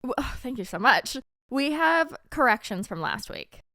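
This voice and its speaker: A woman co-hosting a casual chat podcast, talking fast with quick asides and frequent laughs. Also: high-pitched, very animated, bright, forceful tone, dry recording, studio quality. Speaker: podcast co-host.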